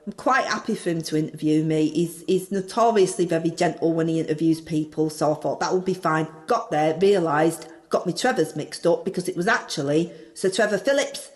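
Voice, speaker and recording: A woman's voice: sits low, brisk, few pauses, a little mellow, lightly acted. A brash, chirpy parody of a female politician with a broad Northern English accent, as a comedic actress plays her. She rambles through a self-mocking story in a chatty, cheeky comedy-sketch monologue, full of asides.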